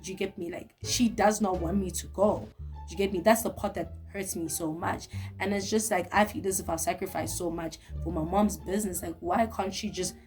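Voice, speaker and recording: Young woman, storytime vlog, lively and direct, lowish voice. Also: normal speed, soft background music. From South Africa. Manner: animated, talks straight to the viewer. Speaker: vlogger.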